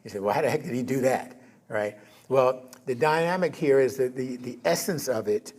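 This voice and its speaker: Guy preaching in a church, chatty, keeps asking okay?, voice jumps up on key points. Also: moderate pace. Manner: conversational, keeps checking in with "okay?"; animated, rises in pitch and volume for emphasis. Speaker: minister. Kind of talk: sermon.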